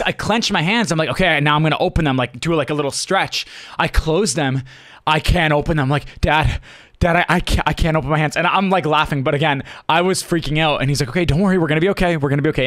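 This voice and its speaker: A young man vlogging, telling a story casually to the camera in an animated, rushed way, full of restarts and quoted lines. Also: fairly high pitch, dry recording, studio quality. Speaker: streamer and vlogger.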